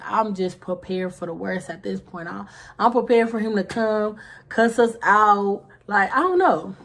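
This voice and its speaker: A woman's voice: mid-range voice, unhurried, fairly bright tone, slight background noise. A woman vlogger telling a casual story full of slang and swearing, who sometimes drops into whispers to act out scenes.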